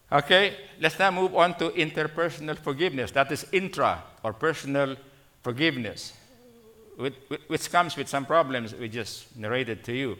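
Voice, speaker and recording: A man's voice: medium pitch, pushed and bright. A man preaching a sermon, repeating phrases for emphasis and checking in with "okay?".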